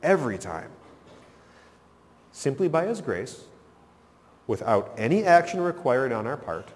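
A man's voice: medium pitch, very animated, normal speed, in a large hall. A man preaching a sermon as pastor, emphatic, rising and falling for effect.

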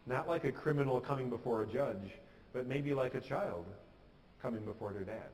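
A man's voice: mid-range voice, moderate pace, darkish tone, big-room sound, rough recording. A pastor giving an earnest, conversational sermon, sometimes acting out the prayers he quotes. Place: church sanctuary.

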